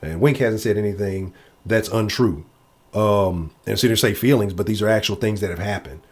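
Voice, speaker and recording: Animated, profane man talking sports. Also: normal speed, breathy edge. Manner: animated, profane, jumps in pitch to mimic critics. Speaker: sports podcast host. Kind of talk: casual live sports chat.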